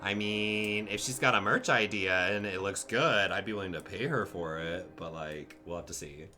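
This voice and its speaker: A man's voice: low-pitched, normal speed, bright, forceful tone, a little hiss or hum. A young man streaming a game live, joking, swearing and reading characters' lines aloud as casual commentary. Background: game music.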